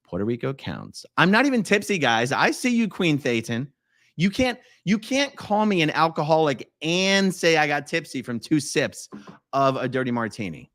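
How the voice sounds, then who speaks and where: A man's voice: fairly high pitch, sing-song, moderate pace, a bit bright, no room sound, clean studio sound. A man hosting a casual live stream, rambling and self-correcting as he reads viewer comments, often laughing.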